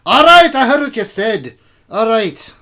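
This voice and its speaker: A blustering old dwarf king barks orders in a gruff, shouting voice that sits well above an everyday register, as a man puts him on. He speaks with rough, booming authority during a tabletop game. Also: big pitch swings, a little slow, full character voice.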